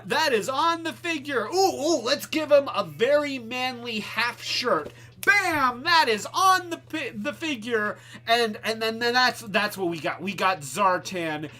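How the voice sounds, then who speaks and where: A man's voice: extremely high pitch, pushed and bright. A man hosting a casual live-stream toy review, rambling and joking, with lots of restarts and asides. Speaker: host.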